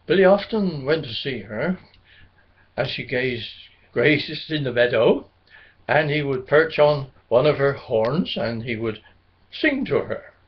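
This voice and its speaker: A man narrating a children's story in a gentle, unhurried manner. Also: medium pitch, expressive. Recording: dull lo-fi recording.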